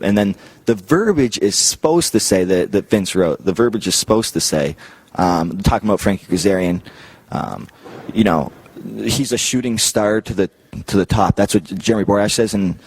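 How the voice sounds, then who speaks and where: A man's voice: sits low, normal speed, husky, no echo. A man from Canada in his thirties, telling backstage stories in a casual interview, laughing often and acting out the people he quotes. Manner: animated, laughs a lot, acts out quoted voices. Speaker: guest. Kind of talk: casual storytelling.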